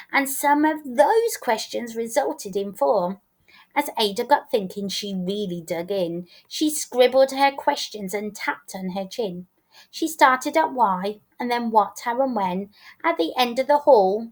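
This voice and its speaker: A woman teacher reading a rhyming picture book aloud with a rhythmic, expressive delivery. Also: fairly high pitch. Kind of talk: storybook read-aloud.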